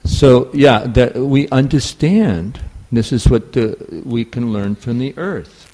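A man with a New York accent giving a scripture class, halting and full of fillers. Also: mid-range voice, warm tone. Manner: halting, many fillers and restarts. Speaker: spiritual teacher.

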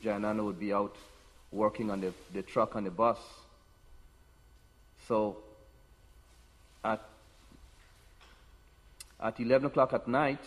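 A man giving a devotional talk, telling personal stories in an unhurried way with frequent restarts. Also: on the low side. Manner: unhurried storytelling with many restarts. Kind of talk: sermon with personal anecdotes. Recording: long hall reverb.

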